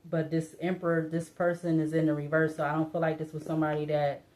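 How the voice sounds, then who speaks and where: Woman, low pitch, tarot reading, musing and hesitant, voice breaking up slightly. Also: flat delivery, quick pace, a little mellow. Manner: musing, hesitant, many fillers and restarts. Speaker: tarot reader.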